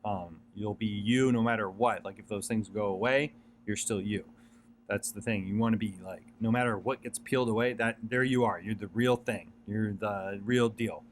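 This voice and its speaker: Earnest low-voiced man giving pep talk. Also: steady tone, moderate pace, slight background noise. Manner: earnest, repetitive, many fillers and restarts. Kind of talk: casual motivational monologue.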